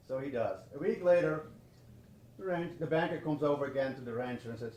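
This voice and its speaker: A man's voice: mid-range voice, a little mellow, distant mic, slight background noise. Man telling a long stage joke. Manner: unhurried storytelling, dropping into character voices. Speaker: joke teller. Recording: echoey theater.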